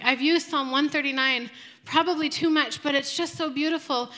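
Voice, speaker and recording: A young woman giving a devotional talk to a group, speaking slowly and earnestly with reflective pauses. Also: sits high, sharp tone.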